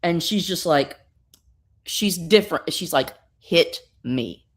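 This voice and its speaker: Animated, swearing woman recapping a comic. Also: fairly low pitch, measured pace. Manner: animated, swears, acts out dialogue. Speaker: comics reviewer. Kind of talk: casual podcast recap.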